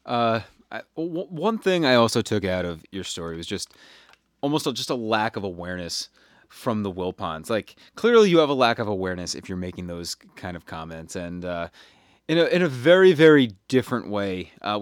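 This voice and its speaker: A man in his thirties co-hosting a sports podcast, telling a story in a halting, wry way with many restarts. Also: on the low side, clear, resonant tone, no echo, studio quality. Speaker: podcast co-host.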